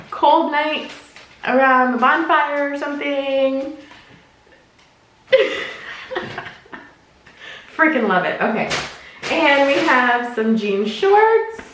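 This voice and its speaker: A woman's voice: high-pitched, fairly bright tone, slight background noise. A woman casually chatting through an unboxing and try-on of clothes, gushing and talking to the items as she goes. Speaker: clothing subscription box reviewer. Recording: echoey room, mic at a distance.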